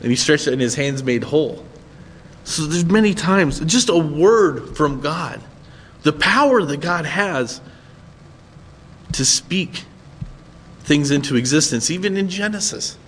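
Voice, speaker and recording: A man's voice: on the high side, lively intonation, unhurried, pauses often, fairly bright tone, long reverb tail, a little hiss or hum. A man preaching a sermon in a conversational way, often checking in with his listeners. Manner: conversational, asks listeners "right?". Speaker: pastor.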